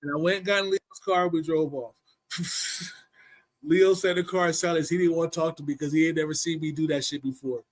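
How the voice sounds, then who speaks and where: Animated profane man telling a story. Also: on the high side, brisk, rough recording. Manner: profane, animated, laughs often. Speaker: podcast storyteller. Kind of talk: casual storytelling.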